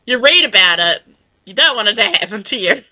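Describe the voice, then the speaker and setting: A woman's voice: mid-range voice, expressive, fairly quick, sharp tone, no echo, rough recording. A woman with a New Zealand accent co-hosting a podcast, chatting playfully and laughing easily. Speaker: podcast co-host. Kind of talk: casual chat.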